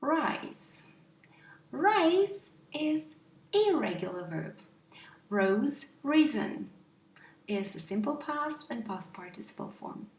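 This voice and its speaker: Slow, patient woman teaching English. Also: sits high, big pitch swings, reverberant, far from the mic. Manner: patient, asks the viewer questions. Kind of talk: explaining grammar to viewers.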